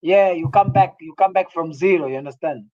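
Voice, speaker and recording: A man's voice: fairly high pitch, fairly quick, dull audio. A man in casual podcast chat, talking loosely with slang and often asking "you understand?".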